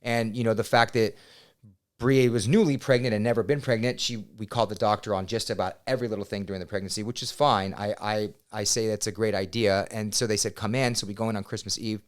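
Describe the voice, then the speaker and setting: Man, thirties, podcast guest; smooth clear voice, animated storyteller. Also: on the low side, fast talker. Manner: animated, swears, quotes himself loudly. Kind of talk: casual storytelling. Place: podcast studio.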